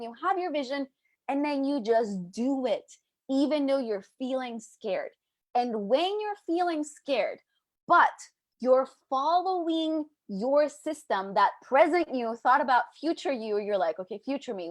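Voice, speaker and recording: Bubbly high-voiced woman business coach. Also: no echo. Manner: energetic, playful, acts out little voices. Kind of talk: live coaching talk to a group.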